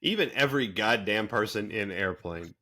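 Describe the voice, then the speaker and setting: A man co-hosting a podcast, talking in a casual, animated way with many fillers. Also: lowish voice, normal speed, a crowd in the background. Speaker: podcast co-host. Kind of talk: casual chat.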